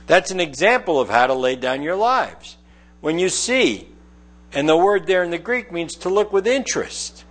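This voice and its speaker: A man's voice: on the high side, animated, normal speed, a bit bright. A middle-aged man preaching a conversational sermon, reading scripture aloud and explaining it verse by verse. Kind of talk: sermon, Bible teaching.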